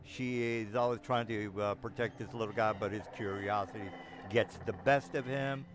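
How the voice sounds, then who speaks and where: A man's voice: fairly low pitch, fairly even intonation, normal speed, background noise. A man narrating a tabletop game as game master, stalling often with fillers and restarting his sentences. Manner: hesitant, full of fillers and restarts.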